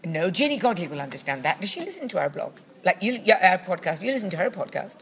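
A Scottish woman chatting as a podcast co-host, her voice sitting a little low. She teases with a dry wit and wanders through long asides. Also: big pitch swings. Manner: dry, teasing, drawn-out asides. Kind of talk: casual chat.

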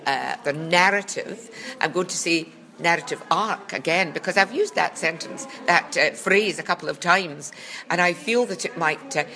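A woman's voice: lowish voice, pushed and bright. A woman with a Scottish accent chatting as a podcast guest, rambling through stories with dry, teasing humour. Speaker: podcast guest, former children's TV presenter. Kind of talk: casual comic chat.

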